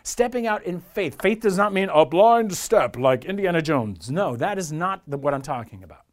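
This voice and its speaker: Male pastor, slightly high voice, earnest conversational sermon delivery. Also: lively intonation, moderate pace. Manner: earnest, conversational preaching with rhetorical repetition.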